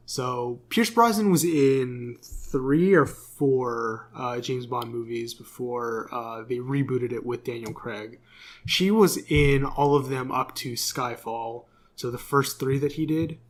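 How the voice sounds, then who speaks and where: A young man co-hosting a laid-back podcast, talking in a loose, rambling way. He fills gaps with ums and uhs and corrects himself mid-sentence. His voice sits at an ordinary middle pitch. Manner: rambling, filler-heavy, self-correcting. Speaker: podcast co-host. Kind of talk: casual chat.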